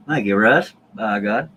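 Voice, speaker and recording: A man's voice: fairly low pitch, very noisy. A man hosting a live stream, chatting casually and joking with viewers in a folksy way. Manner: folksy, jokey, addresses chat viewers.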